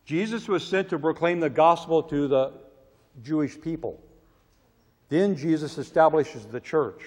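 Dramatic preacher with hall reverb. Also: male voice, a little high, unhurried. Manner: dramatic swings from loud pleading to hushed asides. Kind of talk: sermon.

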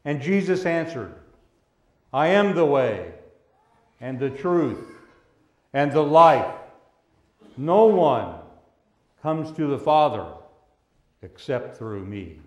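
A high-pitched male pastor preaching slowly and deliberately, leaning hard on the words he wants to stress. His voice rings around a reverberant church room. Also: big pitch swings, a little mellow. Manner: measured, with drawn-out emphasis on key words. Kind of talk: sermon. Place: church sanctuary.

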